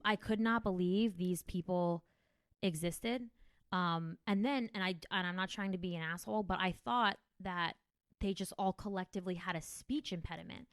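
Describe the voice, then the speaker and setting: A comedian from New Jersey hosts her podcast in loose, foul-mouthed chat, hopping from one tangent to the next. Her voice sits a little low for a woman and is recorded close and dry. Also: normal speed, clean tone, no room sound. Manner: profane, rambling, animated storytelling.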